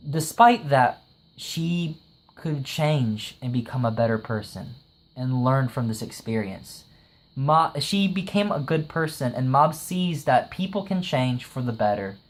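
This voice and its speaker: A man casually reviewing an anime episode, excitable, laughing often and leaning on "like" as he retells scenes. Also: medium pitch. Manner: retells scenes with quick acted quotes.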